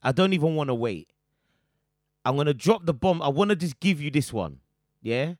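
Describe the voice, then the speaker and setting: Excitable host with a lively voice. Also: male voice, a little high, normal speed, no echo, studio quality. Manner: excitable, repeats himself, hypes the listeners. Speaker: podcast host and DJ. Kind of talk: casual chat.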